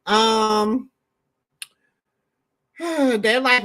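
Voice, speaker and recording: A middle-aged woman with a Southern drawl hosts a casual chat, answering viewer comments in a rambling, slangy way as she talks straight to the audience. Her voice is high and a bit bright, with fairly even intonation, and she speaks very slowly with frequent pauses.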